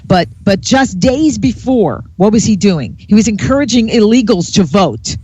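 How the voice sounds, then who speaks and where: A man's voice: high-pitched, expressive, normal speed, dark tone, husky, no room sound, highs cut off. A man in casual political chat who scoffs at the other side and speaks with open indignation.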